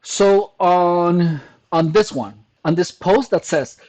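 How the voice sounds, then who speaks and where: A man's voice: high-pitched, slow, a little mellow, rough recording. Scoffing man mocking online comments. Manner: scoffing, crude, laughs often, stumbling restarts. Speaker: commentary vlogger reacting to comments.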